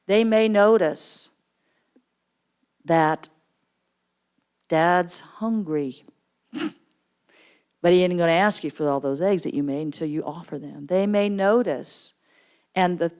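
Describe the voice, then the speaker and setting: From the pulpit of a church sanctuary, a middle-aged guest speaker shares a personal story as a storytelling sermon, warm rather than formal. Her voice sits a little low, but she makes big jumps up in pitch to act out what people said.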